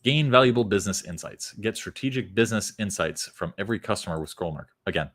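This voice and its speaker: A man's voice: lowish voice, fast talker, fairly bright tone. A man giving a casual, blunt critique of web copy, sarcastic and sometimes profane. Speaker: copywriting critic.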